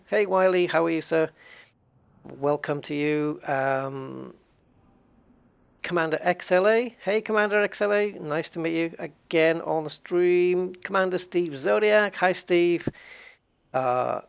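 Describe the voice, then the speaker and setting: Tired English streamer, a man with a fairly high voice, chatting loosely with his viewers. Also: unhurried, vocal fry, clean tone. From England. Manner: chatty, greets viewers by name, self-mocking. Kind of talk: casual game livestream chat.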